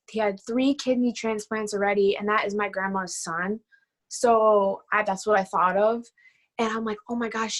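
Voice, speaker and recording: A woman's voice: medium pitch, a bit bright. A nineteen-year-old woman talking in a casual interview, her speech full of "like" fillers. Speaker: guest. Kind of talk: personal storytelling interview.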